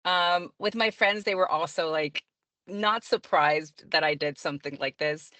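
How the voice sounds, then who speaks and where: A woman's voice: lowish voice, unhurried, sharp tone, no echo. A woman who narrates audiobooks and works as a librarian, answering interview questions in a chatty way, often laughing and using fillers.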